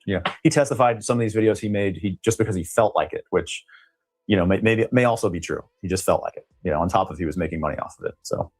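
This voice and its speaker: A man's voice: sits low, fast talker, a little mellow, no echo. A man, an attorney, explaining a case in a long-winded interview conversation. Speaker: attorney guest.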